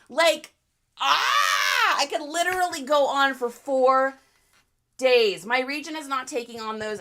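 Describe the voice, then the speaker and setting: A middle-aged woman chatting casually to livestream viewers, getting worked up and ranting. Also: on the high side. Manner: animated, ranting, gets worked up. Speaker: reseller livestreaming product photography.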